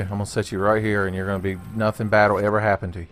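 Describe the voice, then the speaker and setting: A man's voice: on the low side, little pitch movement, racing, a bit bright. A man hosting a gaming channel, rambling through a let's play with constant jokes, frequent laughter and casual swearing.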